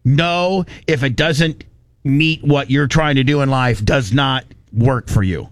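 A man's voice: mid-range voice, takes it slowly, no room sound. A man hosting a morning radio talk show, telling a story bluntly and heatedly, with some profanity, into a studio microphone.

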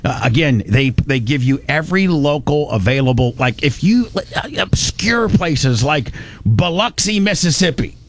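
A man's voice: fairly high pitch, expressive, normal speed, background noise. A man hosting a radio show, chatting casually and joking, often restarting and correcting himself. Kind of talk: casual talk radio chat.

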